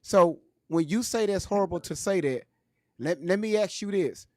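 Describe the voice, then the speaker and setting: A man with hosts a livestream. He presses commenters with repeated questions, his voice sitting a bit high for a man, close and dry with no room sound. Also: lively intonation, normal speed, dry recording. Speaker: livestream host. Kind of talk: livestream talk.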